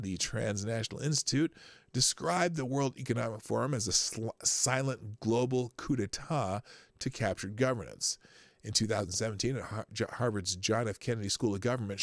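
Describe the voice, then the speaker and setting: A man hosting a live news commentary stream, excitable and sarcastic, often breaking into laughter. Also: medium pitch, dry recording. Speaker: host of a live news show.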